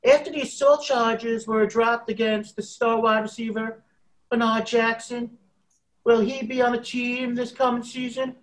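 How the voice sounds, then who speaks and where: A man's voice: very high-pitched, little pitch movement, a little slow, pitched above the performer's own voice, rough recording. A man reading the part of a female reporter in a casual script read, hesitant and full of fillers. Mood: earnest. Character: female reporter asking a question.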